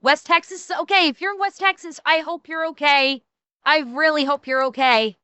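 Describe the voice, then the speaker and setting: A woman streamer giving casual, excitable reaction commentary, swearing and restarting her sentences. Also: sits high, moderate pace, dry recording.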